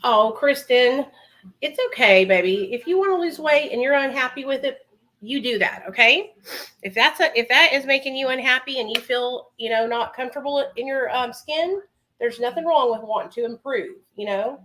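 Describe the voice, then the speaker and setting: Chatty lady going live from home, bright voice, kinda high, calls everyone honey. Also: moderate pace. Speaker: livestream host. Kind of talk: casual live chat while doing makeup. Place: her home.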